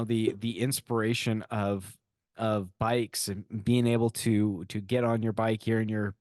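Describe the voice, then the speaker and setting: A man hosting a podcast interview, speaking earnestly and haltingly, with many restarts. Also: on the low side, a little mellow, dry recording, clean studio sound. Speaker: podcast host. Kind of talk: casual interview chat.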